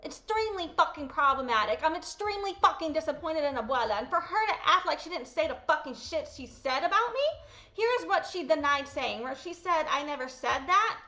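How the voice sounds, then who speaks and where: High bright-voiced woman venting to her viewers, blunt, swearing, quoting people over and over. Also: animated, a little fast. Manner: upset, swearing, repeating quotes. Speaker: vlogger. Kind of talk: angry personal callout vlog.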